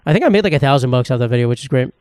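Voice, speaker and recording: Rapid-fire and lively, this podcast host in his twenties rambles solo at an indoor table, mocking himself with crude humor. His medium-pitched voice is clean and a bit mellow. It's studio quality, with no room sound.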